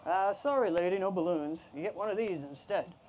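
A woman's voice: lowish voice, a little fast, darkish tone, close to an everyday voice, rough recording. A woman voicing a casual, offhand male barber in a storybook read-aloud.

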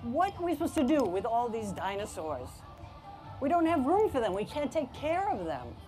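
A woman voicing a tired but gentle mother in a storybook read-aloud. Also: medium pitch, moderate pace, faint music behind, lightly acted. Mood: exasperated. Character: weary, patient mother.

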